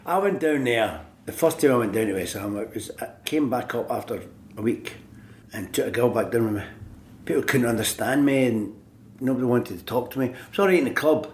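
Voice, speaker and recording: A man's voice: medium pitch, lively intonation, fairly quick, a little mellow, reverberant, slight background noise. An older man from Scotland with a Glaswegian accent, telling stories as an interview guest, often laughing and acting out other people's voices. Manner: laughing storyteller, acts out voices in quotes. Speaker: guest, former footballer. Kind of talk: anecdotal interview.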